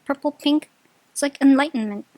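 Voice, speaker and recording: High-voiced, gushing woman tarot reader. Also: moderate pace, no echo. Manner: gushing and excitable, with bursts of high-pitched delight and laughter; chatty, full of filler words and restarts. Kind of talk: casual pick-a-card tarot reading.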